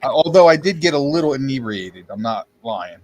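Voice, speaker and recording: Guy cohosting a sports podcast, mid-pitched, rambles and restarts a lot. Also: lively intonation, a little fast, a little mellow. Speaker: podcast co-host. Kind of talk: casual sports podcast chat.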